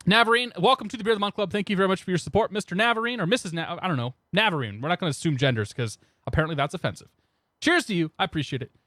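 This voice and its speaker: A man's voice: high-pitched, animated, racing, pushed and bright, no echo, clean studio sound. A young man streaming a flight sim, rambling casually and greeting his chat by name into a desk microphone. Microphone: new desk microphone.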